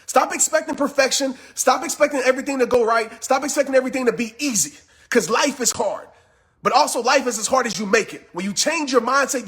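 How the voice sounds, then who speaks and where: A man giving a fired-up motivational talk on a live stream, yelling with intense, repetitive, preachy urgency, just after a workout. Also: very high-pitched. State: just finished working out. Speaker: motivational speaker.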